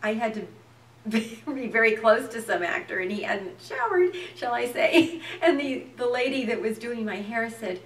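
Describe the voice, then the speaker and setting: A woman's voice: on the high side, moderate pace, echoey room, far from the mic, a little hiss or hum. Laughing woman actress telling stories. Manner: lively anecdotes, laughs often. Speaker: actress, guest. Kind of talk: casual interview chat.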